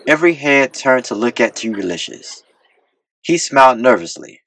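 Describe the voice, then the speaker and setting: A man narrating a comedy audiobook with deadpan comic timing on a close mic. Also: mid-range voice, normal speed, no room sound.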